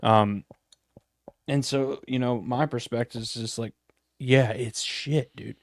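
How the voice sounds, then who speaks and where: A man's voice: mid-range voice, fairly even intonation, slow, a little hiss or hum. A male podcast co-host talking in a rambling, laid-back way, with plenty of swearing. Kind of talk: casual live-stream chat.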